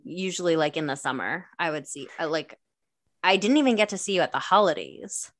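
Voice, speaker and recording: A woman's voice: fairly low pitch, expressive, fairly quick. A woman co-hosting a casual conversation, talking candidly and reflectively about family memories, often quoting what she and others said. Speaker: podcast co-host, older sister.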